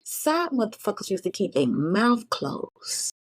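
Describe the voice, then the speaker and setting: Animated profane woman telling a story. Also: mid-range voice, unhurried. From Florida, USA. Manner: animated, profane, acts out quotes. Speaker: podcast guest. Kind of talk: casual storytelling.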